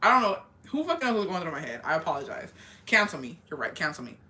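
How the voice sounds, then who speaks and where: A woman's voice: lowish voice, big pitch swings, quick pace, bright, forceful tone. A young woman telling a casual storytime confession, rambling and swearing, with lots of fillers, often laughing at herself. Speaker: vlogger.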